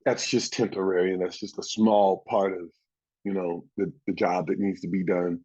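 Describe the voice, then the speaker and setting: A man's voice: low voice, normal speed, dull audio. A man in his sixties, a former pro football player, telling stories in a casual interview and acting out the voices of the people in them. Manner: animated storyteller, acts out quoted voices.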